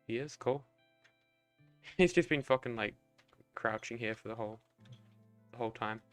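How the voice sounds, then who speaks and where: A young man streaming a building game, thinking aloud in a relaxed, mumbly way, trailing off and swearing casually. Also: medium pitch, moderate pace, faint music behind.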